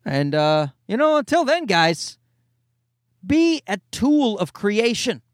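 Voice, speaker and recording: Comedian in his forties, podcast host, lively swearing storyteller, bouncy high voice, dry close mic. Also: slow pace, no echo. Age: 40s. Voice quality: animated, profane storytelling. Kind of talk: casual solo podcast monologue.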